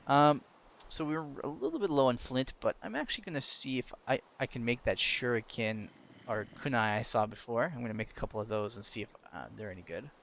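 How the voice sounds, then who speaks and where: A young man giving casual gameplay commentary, excitable, laughing and yelping when danger comes, chatting to the game's creatures. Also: medium pitch, a little fast, few pauses, slight background noise. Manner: excitable, yelps and laughs at danger, talks to game mobs. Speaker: gaming commentator.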